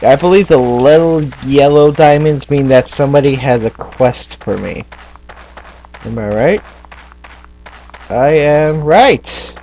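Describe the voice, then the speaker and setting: A man's voice: mid-range voice, unhurried, mellow. A man giving casual commentary as he plays a game, chatting and thinking aloud about what to do next. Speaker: gamer.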